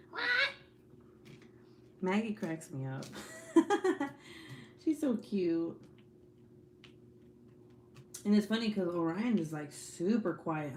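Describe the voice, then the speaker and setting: A mother of several young kids hosts a livestream, chatting casually with viewers, joking about her children, laughing often and swearing freely in slang. Her voice is on the low side with a dark tone and a little hiss or hum.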